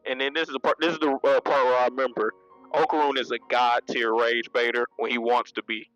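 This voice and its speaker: A man's voice: medium pitch, flat delivery, a little fast, fairly bright tone, dull audio, soft background music. A man giving a casual spoken manga review, retelling scenes in a loose, slangy way and laughing often.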